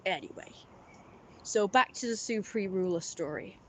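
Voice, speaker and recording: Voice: mid-range voice, lively intonation, moderate pace, slight background noise. A streamer, rambling through a casual live-stream story with lots of fillers.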